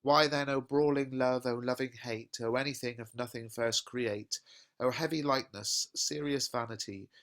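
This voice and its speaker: A male teacher reading out a lovesick, melodramatic young man in slow, dramatic verse recitation. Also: mid-range voice, steady tone, fairly bright tone, lightly acted. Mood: overwrought.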